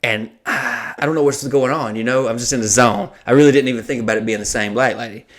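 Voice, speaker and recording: A man, a comedian and podcast host, telling a profane, animated story in casual chat. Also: mid-range voice, fast talker.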